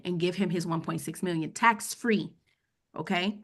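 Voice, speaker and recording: A woman's voice: mid-range voice, normal speed, sharp tone. A woman teaching a casual webinar on finance, chatting with her audience and often checking in with "okay?". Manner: conversational, repeats "okay?" to check in. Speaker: financial educator.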